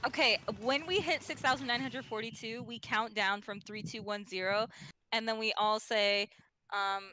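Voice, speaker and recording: A woman's voice: fairly high pitch, fairly even intonation, normal speed, pushed and bright. A woman guest on a game stream, laid-back in casual chat and swearing now and then.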